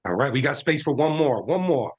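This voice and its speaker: A man's voice: mid-range voice, big pitch swings, brisk, husky. A man moderating a panel discussion who speaks in an upbeat, encouraging way as he invites others to speak.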